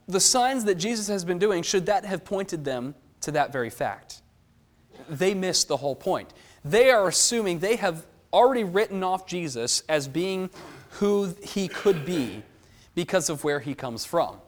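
Male Bible teacher, slightly high voice, animated, quizzes the group. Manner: animated, asks the group questions.

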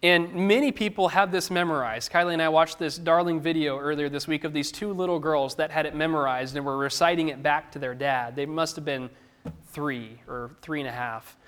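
High-voiced man preaching a sermon. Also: fairly even intonation, brisk, fairly bright tone, clean tone. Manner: earnest, conversational, asks the listeners direct questions.

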